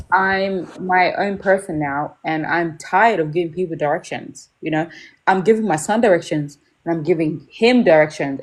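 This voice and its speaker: Young woman, fairly low voice, candid storyteller, casual parenting chat. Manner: candid, storytelling, acts out quotes. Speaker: mother talking about parenting.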